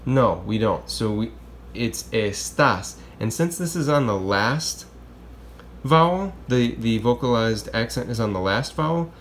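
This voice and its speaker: A man's voice: medium pitch, lively intonation, a little slow, slight background noise. A man who teaches Spanish, explaining grammar in a casual, chatty classroom style and often checking in with "okay?" and "right?".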